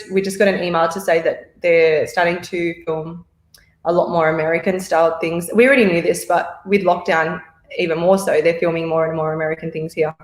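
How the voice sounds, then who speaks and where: Chatty Australian woman, low and roomy. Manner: chatty, rambling, laughs often. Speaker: podcast guest, marketer and actor. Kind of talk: casual interview chat.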